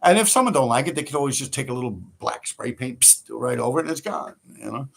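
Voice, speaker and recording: Expressive and quick, with a gravelly, slightly bright mid-range voice, a New York City man hosts a livestream. He tells loose, profane stories in a casual way, laughing often as he rambles.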